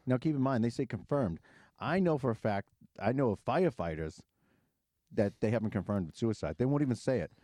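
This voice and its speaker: A middle-aged man hosting a podcast in casual chat, telling stories in an animated way and laughing often. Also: medium pitch, no echo, studio quality. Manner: storytelling, animated, quick to laugh. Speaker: podcast host.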